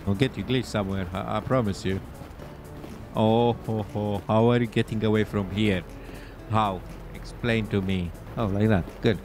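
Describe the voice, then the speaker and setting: A man's voice: on the low side, a little slow, a little mellow, faint music behind. Sarcastic man commentating gameplay. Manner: sarcastic, exasperated, swears often. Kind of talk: let's play commentary.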